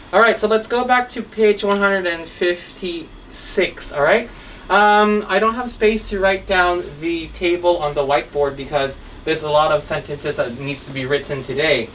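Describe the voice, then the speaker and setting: Female teacher, patient classroom delivery, low voice, recorded from a distance with faint noise. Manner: patient, checks in with frequent "right?" and "okay?". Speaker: English teacher. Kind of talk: classroom grammar lesson. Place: classroom with a whiteboard.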